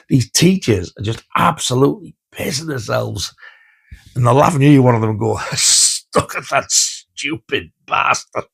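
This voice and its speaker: A man in his fifties talks through the films he has been watching in a casual home vlog. His voice sits low with a gravelly, husky edge, and he gets excited and chuckles as he retells his favourite scenes. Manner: chatty, enthusiastic, laughs while retelling scenes. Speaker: film reviewer.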